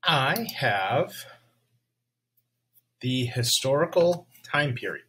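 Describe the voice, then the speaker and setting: A male teacher giving a lesson video, speaking slowly and checking in with his students. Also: medium pitch, expressive, a bit bright, breathy edge, poor audio. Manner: slow, checks in with "all right?".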